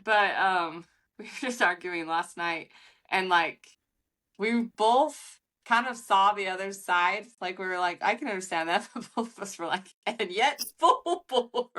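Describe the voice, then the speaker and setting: A woman's voice: medium pitch, unhurried, fairly bright tone. A married woman co-hosting a casual podcast chat with her sister, laughing often and acting out quotes. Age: adult, married. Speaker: podcast co-host.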